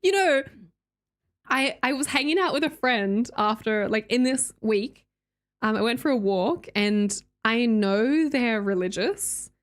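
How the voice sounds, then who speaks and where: A young Australian woman streams and chats casually with her viewers, reading their live messages aloud and laughing often. Her voice is fairly high and her pace unhurried.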